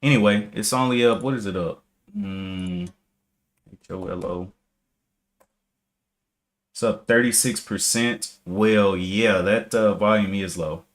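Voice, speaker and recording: A man's voice: on the low side, unhurried. A man streaming live day trading, casually thinking aloud, reading out viewer comments and correcting himself as he checks charts.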